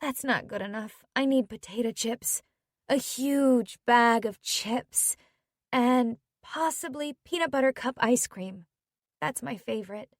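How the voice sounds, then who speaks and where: A woman reading an audiobook, voicing a heartbroken young woman who is soft-spoken and wry. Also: fairly high pitch, a little slow, no room sound, clean studio sound, pitched above the performer's own voice. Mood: glum.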